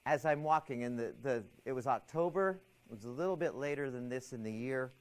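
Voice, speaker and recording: A middle-aged man teaching a stress management class tells a personal story, animated and expressive, often restarting his sentences. His voice sits at a medium pitch and he talks briskly.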